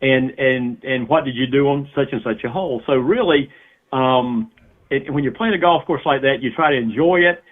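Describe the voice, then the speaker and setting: Male phone-in guest on talk radio, calm advice, tinny phone line. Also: mid-range voice, normal speed. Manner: calm, advising with filler restarts. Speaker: golf guest giving advice.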